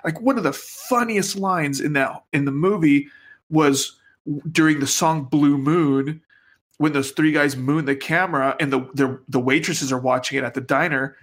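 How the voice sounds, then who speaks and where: A man's voice: fairly high pitch, moderate pace, a bit bright. A man co-hosting a podcast in casual chat, hesitant and full of fillers. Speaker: podcast co-host.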